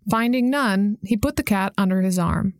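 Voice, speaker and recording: In a mid-range voice, a female audiobook narrator reads a scripted story at an even, measured pace. The studio-quality recording carries no room sound.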